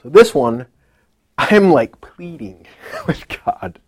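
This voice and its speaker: Slowly and with a breathy edge, a man in a slightly high voice with big pitch swings tells his church testimony. He sounds earnest and emotional, laughs nervously often, and leans on many fillers; the recording has no room sound.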